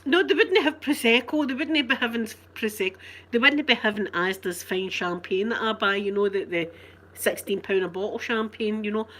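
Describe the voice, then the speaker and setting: A woman's voice: mid-range voice, normal speed, a bit bright. A woman with a Glasgow accent chatting casually with her live viewers, rambling and laughing often. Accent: Scottish, Glasgow. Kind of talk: casual live-stream chat.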